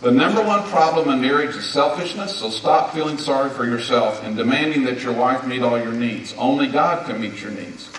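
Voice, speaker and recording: A man's voice: medium pitch, brisk, hardly any pauses. A man in his seventies addresses a conference hall of husbands in a sermon-style talk, driving each point home with insistent commands. His voice reaches a distant mic through a very echoey hall, and faint hiss sits underneath. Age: 70s. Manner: emphatic, hammers points with repeated "do not" commands. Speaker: marriage conference speaker.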